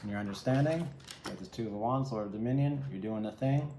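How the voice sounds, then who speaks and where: A man's voice: on the low side, a little fast. A man giving a solo tarot reading, musing and reflective, speaking straight to the viewer. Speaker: tarot reader. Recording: echoey room with faint ambient noise.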